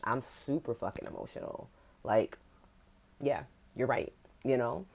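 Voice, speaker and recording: A woman's voice: a bass voice, lively intonation, measured pace, gravelly, darkish tone, breathy edge. A woman hosting a casual livestream podcast, talking candidly and chattily with frequent "like"s and casual swearing. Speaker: podcast host.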